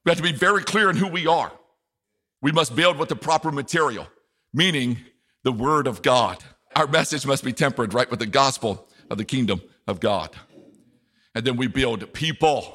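A man's voice: mid-range voice, pushed and bright, long reverb tail. A man preaching a sermon as pastor, speaking emphatically and repeating key phrases.

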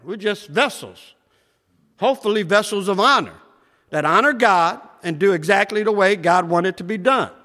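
A man preaching a sermon, shouting at times and swinging between loud and soft. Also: moderate pace. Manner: preaching with shouts and wide swings in pitch and loudness. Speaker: pastor. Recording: echoey hall.

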